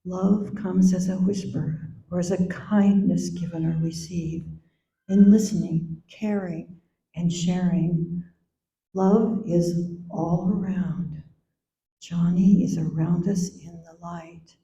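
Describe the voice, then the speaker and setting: An older woman speaks at a memorial in a slow, tender, mellow voice. Her voice rings with echo off the hall, and the recording sounds a little dull. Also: fairly low pitch, fairly even intonation, gravelly. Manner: slow, gentle and tender, sometimes singing softly. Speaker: mother giving a eulogy. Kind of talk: memorial speech.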